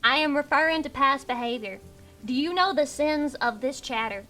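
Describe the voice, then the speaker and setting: High, bright-voiced ranting woman streamer. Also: lively intonation, moderate pace, faint music behind. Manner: profane, ranting, teasing chat. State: underslept. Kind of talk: casual livestream chat.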